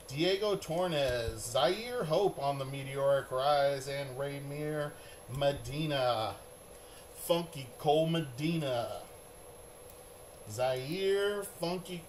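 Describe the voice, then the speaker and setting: Slow-talking upbeat middle-aged man. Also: medium pitch, slight background noise. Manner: chatty, rambling and upbeat. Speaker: card break host. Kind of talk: live-streamed card break chat.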